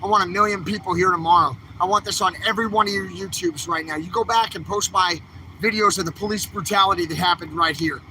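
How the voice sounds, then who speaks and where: A man's voice: sits high, fast, sharp tone, slight background noise, low-quality recording. A man ranting angrily to his viewers, livestreaming from a city street outdoors. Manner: agitated, ranting, exhorting viewers. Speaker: livestreaming activist vlogger. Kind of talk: angry street vlog to camera.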